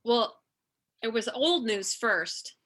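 A middle-aged woman, the host's mother, chatting casually and getting excited as she shares news. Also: fairly high pitch, slow. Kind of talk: casual chat.

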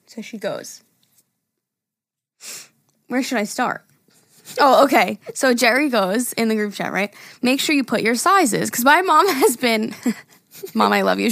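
A woman's voice: on the high side, expressive, normal speed, vocal fry, long pauses, fairly bright tone, no echo, studio quality. A young woman co-hosting a podcast, telling a funny family story in casual chat and reading text messages aloud between laughs. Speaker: podcast co-host.

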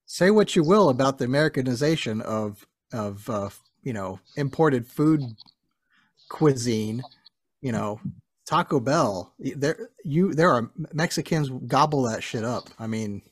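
A man's voice: medium pitch, lively intonation, measured pace, no echo. A man co-hosting a casual podcast who rambles and laughs at his own jokes. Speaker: podcast co-host and editor.

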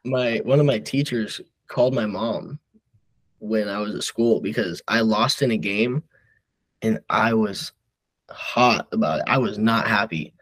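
Rambling young man, low voice. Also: a little slow, fairly bright tone, low-quality recording. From Nebraska. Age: young adult. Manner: rambling, filler-heavy storytelling. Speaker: guest wrestler. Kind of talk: casual podcast chat.

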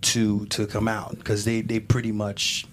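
A man, an actor, chatting in an interview, animated and full of restarts. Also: fairly low pitch, measured pace, a little hiss or hum. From Haitian heritage. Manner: animated, many restarts and laughs. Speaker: actor guest. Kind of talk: casual interview chat.

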